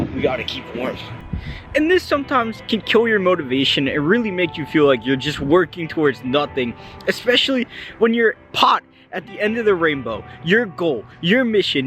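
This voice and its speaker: A man's voice: sits high, fairly bright tone. Breathless young man vlogging outdoors. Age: young adult. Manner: candid, swears casually. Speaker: college student vlogger. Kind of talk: casual vlog talk while walking. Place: outdoors in the cold.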